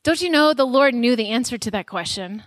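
A woman speaker giving a conversational sermon to mothers at a conference, telling personal stories with animated delivery. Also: fairly high pitch, brisk, no echo. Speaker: mother of young children.

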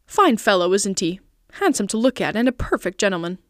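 A woman voicing a brooding, sentimental old male gangster who talks slowly and gloomily. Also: medium pitch, big pitch swings, fairly bright tone, no echo, clean studio sound. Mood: proud.

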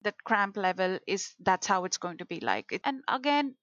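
A woman speaks frankly and steadily as a podcast guest, at a middle pitch. Her recording sounds slightly dull and lo-fi, and it is dry and close. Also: sing-song, fairly bright tone, no echo. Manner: frank, measured explaining. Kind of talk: casual conversational talk.

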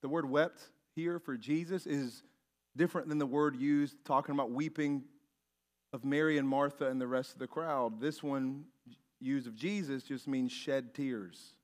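A man preaching a sermon as pastor, moving between quiet scripture reading and loud, impassioned preaching. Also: mid-range voice, fairly even intonation, moderate pace. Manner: reads scripture aloud between comments.

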